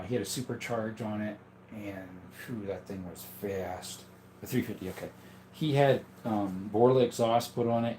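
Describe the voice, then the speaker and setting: A man's voice: on the low side, mellow, echoey room, slight background noise. A man hosting a casual livestream, rambling and chuckling as he reads out and answers chat comments. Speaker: livestream host.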